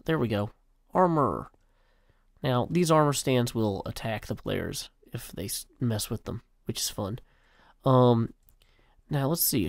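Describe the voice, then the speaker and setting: A man's voice: medium pitch, creaky, darkish tone, no room sound, studio quality. A man in his forties giving casual, rambling, self-mocking gameplay commentary. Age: 40s. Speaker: game video host.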